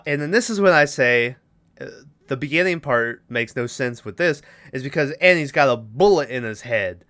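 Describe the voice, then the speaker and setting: A man with a bright, clean voice talks through a movie scene by scene in a loose, rambling podcast chat. He slips into quick put-on voices for the characters and keeps the story rolling. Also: on the high side. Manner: rambling retelling, acting out character lines. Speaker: podcast co-host. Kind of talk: casual movie recap.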